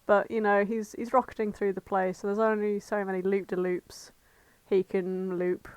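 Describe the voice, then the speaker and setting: A woman's voice: mid-range voice, little pitch movement, moderate pace, a little mellow, clean tone, no echo. Chatty woman retelling a story. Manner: chatty, giggly storytelling, casual swearing. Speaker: podcast co-host. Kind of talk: casual fanfic review chat.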